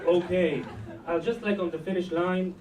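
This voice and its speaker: A man's voice: sits high, normal speed, crowd noise. A man with an Israeli accent performing a punchy stand-up set in a comedy club, with audience laughter behind him. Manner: animated, punchy delivery. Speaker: stand-up comic. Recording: roomy club sound from a distance.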